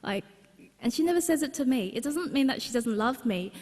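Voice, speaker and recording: Woman, higher voice, funny storytelling talk, long hall reverb. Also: expressive, a little fast, a little mellow. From Australia. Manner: humorous, anecdotal, frequent fillers. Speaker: speaker at a book launch. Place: large exhibition hall, live audience.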